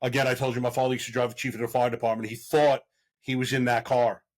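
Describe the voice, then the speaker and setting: A middle-aged man with a voice of ordinary pitch, talking casually as a podcast guest. He is a longtime police officer who tells his stories with energy and jumps into the voices of the people he is quoting. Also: fast talker. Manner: animated storyteller who acts out quoted voices. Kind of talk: casual storytelling.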